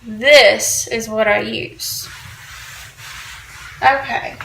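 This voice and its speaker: Gravelly woman vlogger. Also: a little high, fairly even intonation, drawn-out words, background noise. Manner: chatty, tells stories to viewers. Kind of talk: casual cleaning vlog storytelling.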